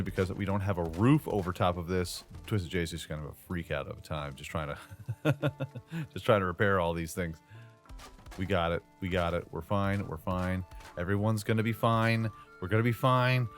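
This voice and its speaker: A man with a somewhat low voice talks through a gameplay tour in a loose, joking way, full of slang and asides. He sounds like a regular channel host speaking into a desk mic as a voice-over. Faint game music sits quietly behind him. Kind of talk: casual gameplay commentary.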